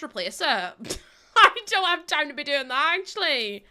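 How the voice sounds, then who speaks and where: Her voice sits high and sing-song, bright and forceful, moving at a normal speed. This young woman is livestreaming a life-sim game, talking casually to viewers and in-game characters and laughing a lot.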